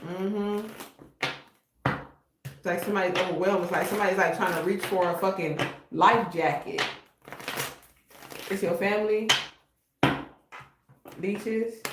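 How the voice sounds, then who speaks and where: A woman giving a casual tarot reading in a blunt, slangy way. She often repeats "okay?". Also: on the low side. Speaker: tarot reader. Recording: echoey room with noise.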